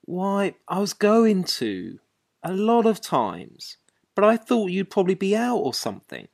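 A woman's voice: medium pitch, wildly swooping pitch, unhurried, creaky, a little mellow, no echo, studio quality, full character voice. A woman voicing Jack, a careless and easily irritated man on the phone, in a dialogue drama reading. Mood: impatient. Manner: brusque, offhand and easily irritated. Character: careless, impatient man on a bad long-distance phone line.

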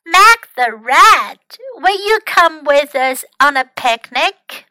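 A woman's voice: high-pitched, expressive, slow pace, bright, forceful tone, no room sound, full character voice. A woman voicing a brave, friendly young male animal who speaks cheerfully and coaxingly. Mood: calling.

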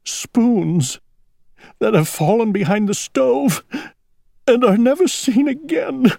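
A woman voicing a gentle, earnest male owl who frets and weeps in a picture book read-aloud; Chinese is her first language. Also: low voice, sing-song, slow, dry recording, studio quality, heavily acted. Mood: sad, musing.

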